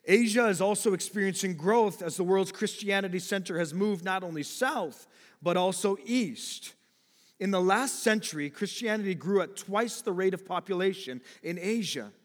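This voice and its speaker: A man preaching a sermon, moving between loud, emphatic exhortation and quiet, low explanation. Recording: long hall reverb.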